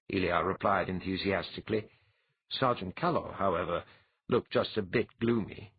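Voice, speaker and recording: Husky male audiobook narrator. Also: low voice, no echo, phone-quality sound. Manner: measured storytelling. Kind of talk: scripted narration.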